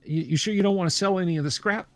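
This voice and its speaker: A man doing a high, eager wandering trader. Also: very fast, slight background noise, natural voice. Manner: eager, repeats himself, folksy. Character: friendly lone wandering male trader.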